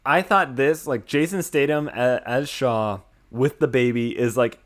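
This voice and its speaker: An American man in his young adult years talks through a movie plot in loose, casual chat. He rambles with plenty of "like" fillers and restarts, at an ordinary mid pitch. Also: unhurried. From United States.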